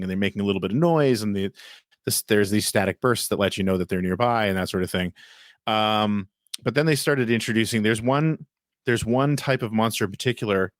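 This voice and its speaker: Man, low voice, rambling casual podcast chat, dry close sound. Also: no echo. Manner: rambling, many restarts and fillers. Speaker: podcast co-host.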